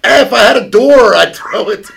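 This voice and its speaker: An offhand young man shrugging from a ship's deck, as a man puts him on, mock apologetic. The voice is pitched up and pushed louder than his normal talk. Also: animated, normal speed, creaky, heavily acted.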